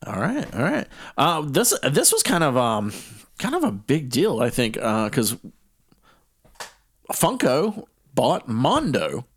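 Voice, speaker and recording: Guy cohosting a podcast, pitch bounces around a lot, quick quips. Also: huge pitch swings, breathy edge. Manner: brief reactions, laughs along, quick quips. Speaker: podcast co-host. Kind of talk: casual chat.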